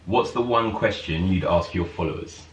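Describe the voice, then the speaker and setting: Low-voiced man asking questions off-camera. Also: normal speed. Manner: reads questions plainly and briefly. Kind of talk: casual Q&A. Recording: echoey room, far from mic, faint hiss.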